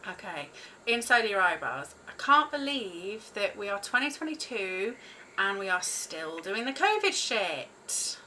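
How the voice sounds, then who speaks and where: Bright-voiced woman leading tapping. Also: mid-range voice, very animated, unhurried, a little hiss or hum, rough recording. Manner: repeats phrases as tapping prompts, swears, laughs at herself. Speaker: host leading a tapping exercise. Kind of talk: guided tapping session, casual and profane.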